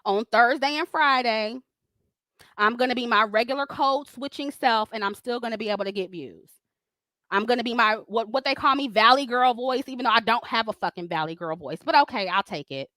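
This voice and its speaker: A woman's voice: a little high, brisk, pushed and bright, no room sound, studio quality. Confrontational woman ranting on a livestream. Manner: confrontational and profane, laughing often. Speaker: YouTuber hosting a livestream. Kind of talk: livestream rant reading super chats.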